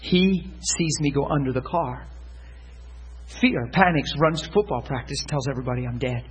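A middle-aged man, a pastor, telling laughing stories in a sermon from the pulpit, dropping to a hush and then rising loud. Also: mid-range voice, moderate pace, slight background noise, low-quality recording. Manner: laughing, lively anecdotes, swings from hushed to loud. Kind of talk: sermon storytelling. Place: church pulpit.

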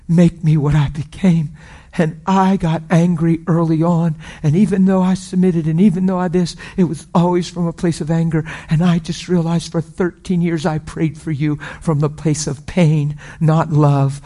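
A middle-aged man preaching, telling a personal story with emotional swings from loud declarations to hushed whispers. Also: fairly high pitch, moderate pace. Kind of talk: sermon testimony.

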